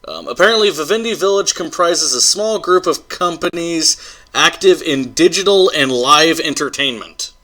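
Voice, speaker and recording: Male host, mid pitch, bright and forceful, jokey, keeps the show moving. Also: lively intonation, normal speed. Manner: upbeat, jokey, steers the segment. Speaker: podcast co-host. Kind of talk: casual chat.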